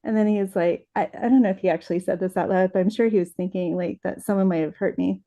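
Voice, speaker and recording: A woman's voice: medium pitch, steady tone, fast, warm tone. A woman on a video call telling a personal family story earnestly, acting out the quoted lines. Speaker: workshop participant.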